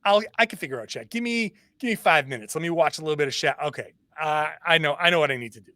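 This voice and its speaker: A man doing an impression of a boastful, frail basketball legend in his eighties, with a gravelly voice and cocky, teasing bravado. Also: on the high side, animated, fast talker, sharp tone, no echo. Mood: cocky boasting.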